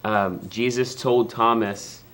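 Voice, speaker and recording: A man's voice: mid-range voice, steady tone, slow pace, fairly bright tone. A man hosting a devotional talk show in a TV studio, earnest and hesitant with many ums. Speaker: pastor, host.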